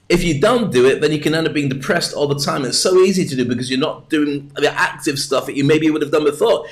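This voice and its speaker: Chatty motivational speaker. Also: male voice, a little high. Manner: chatty, jokey, self-deprecating, with lively asides. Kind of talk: livestreamed solo talk.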